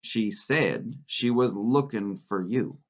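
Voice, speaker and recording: A man reading the part of a sharp, wary male farmhand who talks curtly and impatiently. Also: on the low side, moderate pace, lightly acted. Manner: curt, impatient. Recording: lo-fi recording.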